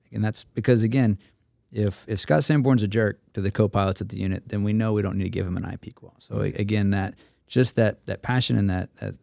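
A man with a low, gravelly, mellow voice tells stories in a casual roundtable chat. He acts out the people he quotes as he goes, and his voice sounds close and dry. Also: no echo. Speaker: instructor pilot.

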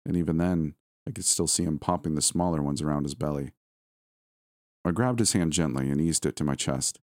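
A man reading a first-person horror story aloud in a steady, somber storytelling manner. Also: a bass voice, a little fast, dry recording, studio quality. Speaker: narrator. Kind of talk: scripted horror story narration.

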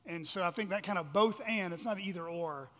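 A man's voice: sits high, brisk, pushed and bright. A man co-leading a church workshop as pastor, speaking reflectively and quoting scripture. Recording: reverberant hall.

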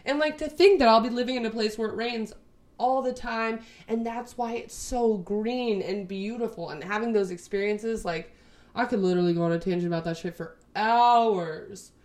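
A woman's voice: on the high side, normal speed, a little mellow. A woman in her twenties from Texas, chatting casually to her camera in a rambling, sweary way, full of "like". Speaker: vlogger.

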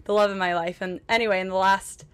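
A woman's voice: medium pitch, fairly even intonation, fast talker, clean tone. A young woman from Utah, a podcast guest telling stories in a chatty, laughing way on a cruise ship. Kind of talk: casual chat. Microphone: podcast microphone.

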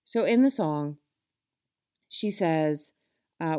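A woman's voice: medium pitch, a little slow, darkish tone. A woman with an ordinary mid-range voice delivers a motivational self-help talk. She speaks straight to her listeners, earnest and passionate. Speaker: self-help podcast host.

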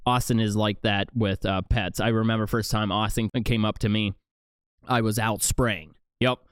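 A man hosting a podcast in casual chat, animated and full of restarts and "like"s. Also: fairly low pitch, moderate pace, smooth, dry recording, studio quality. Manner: animated, stumbling restarts and many "like"s. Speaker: podcast host.

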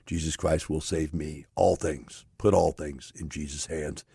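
A man's voice: extremely low pitch, steady tone, a little slow, vocal fry, warm tone, breathy edge, dry recording, studio quality, full character voice. A man voicing a stubborn, devout man who insists on his faith and refuses rescue. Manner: fervent, insistent preaching.

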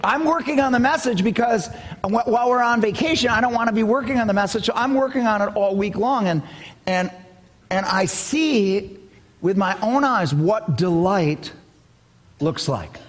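A man's voice: sits high, moderate pace. An older man preaching a sermon as pastor, telling stories with emphatic bursts. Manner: animated storytelling, emphatic bursts. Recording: long hall reverb.

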